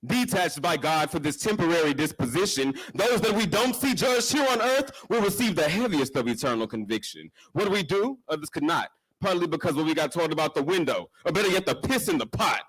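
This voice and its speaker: Nervous male first-timer, spoken-word open mic, lively rhythmic reading, dry sound. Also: fairly high pitch, fairly quick, hardly any pauses, husky, no room sound, rough recording. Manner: nervous, self-joking first-timer, rhythmic swells in delivery. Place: live open mic venue. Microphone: stage microphone.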